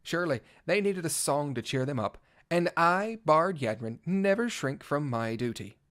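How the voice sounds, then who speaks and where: A man's voice: a little high, expressive, normal speed, fairly bright tone. A man voicing a vain, gallant male cat-knight bard in a fan audio drama, speaking in flowery, old-fashioned words and shifting from pompous to flustered. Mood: wry. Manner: theatrical, swinging from pompous to flustered. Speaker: narrator. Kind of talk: first-person fan audio drama reading.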